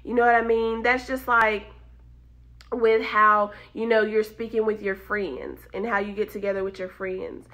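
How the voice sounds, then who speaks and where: A young woman with a Southern country accent gives an informal devotional talk, emphatic and lively, often breaking into laughter. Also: mid-range voice, moderate pace, highs cut off. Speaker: devotional speaker.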